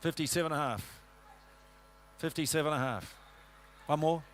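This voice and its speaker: A man's voice: fairly high pitch, normal speed, a little hiss or hum. A man working as an auctioneer, rattling off rhythmic rolling bid calls and tossing joking asides to the bidders in a sale ring. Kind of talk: rapid auction chant.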